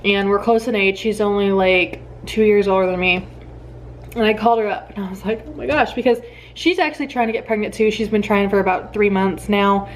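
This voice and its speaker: A young woman in her twenties telling a personal story to camera in an excited, chatty way, full of quoted thoughts and fillers. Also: medium pitch, a little fast, slight background noise, rough recording. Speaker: vlogger.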